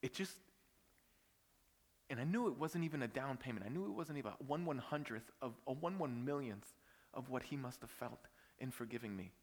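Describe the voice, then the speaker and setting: A pastor preaching a sermon, telling a personal story that swings from hushed whispers to loud outbursts. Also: male voice, mid-range voice, animated, brisk, long reverb tail.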